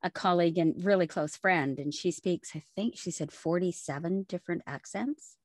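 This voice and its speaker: A woman, chatting as a voice actor guest in an interview, lively and explaining with examples. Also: lowish voice, normal speed, dry recording, clean studio sound. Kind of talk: casual interview chat.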